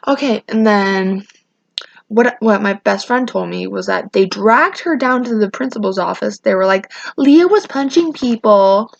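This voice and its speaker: A woman's voice: medium pitch, a little slow, vocal fry, no echo, dull audio. A teenage girl vlogging a casual storytime rant, rambling with many restarts and acting out what people said. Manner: rambling, restarts often, quotes people in raised voices.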